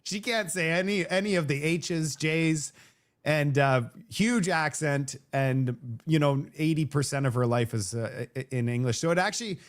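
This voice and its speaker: A man's voice: a little high, moderate pace. A man from Canada whose first language is French, hosting a live stream in casual chat, rambling with many restarts and fillers. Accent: Vancouver French-Canadian. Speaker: host of a live show.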